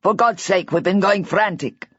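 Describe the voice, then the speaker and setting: A woman reading an audiobook, voicing a gruff, agitated young man who scolds and then softens. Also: mid-range voice, moderate pace, dry recording, lightly acted. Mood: scolding. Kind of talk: audiobook character voice. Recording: dull, dry audiobook recording.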